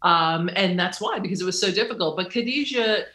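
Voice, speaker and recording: Bright, lively author telling stories. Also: medium pitch, fairly quick, reverberant. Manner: lively, acts out quoted voices, laughs often. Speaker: author, interview guest. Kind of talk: animated storytelling in conversation.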